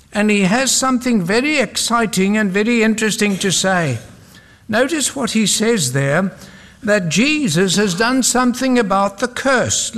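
A man's voice: sits high, fairly bright tone, in a large hall. A South African man preaching a sermon, emphatic and repetitive, with humorous asides.

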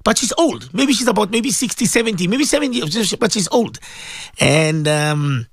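A South African man hosting a radio talk show, speaking in impassioned commentary with emphatic repetition and frequent throat clearing. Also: high voice, big pitch swings, normal speed, no echo, clean studio sound.

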